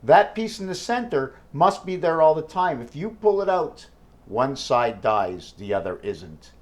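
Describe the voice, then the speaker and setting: Fairly high in pitch with big swings and an unhurried delivery, this man vlogs solo to the camera in a rambling monologue. He thinks out loud, using plenty of fillers, questioning himself and bouncing between numbers and wordplay.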